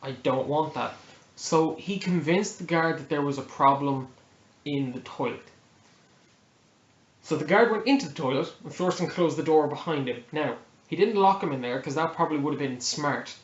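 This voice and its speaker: A young man casually retelling a tabletop game story, relaxed and laughing, correcting himself as he goes. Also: fairly high pitch, normal speed. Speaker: player telling a game story. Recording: echoey room, dull lo-fi audio.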